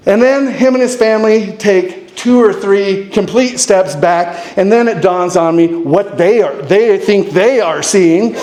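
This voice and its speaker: A man from Montana telling a comic story at a live show, acting out what people said in sudden raised voices. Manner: animated, acts out quotes with sudden high-pitched voices. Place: distillery stage before a live audience.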